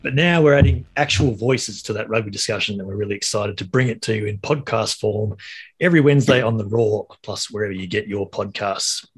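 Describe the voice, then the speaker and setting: A man's voice: fairly low pitch, brisk, slightly rough. A man hosting a rugby podcast, upbeat and chatty, introducing co-hosts and guests. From Australia. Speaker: podcast host. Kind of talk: casual sports podcast banter.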